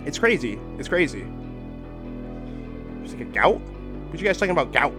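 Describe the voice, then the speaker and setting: A man's voice: medium pitch, animated, moderate pace, pauses often, over music. Blunt, profane male livestream host. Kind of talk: casual livestream commentary.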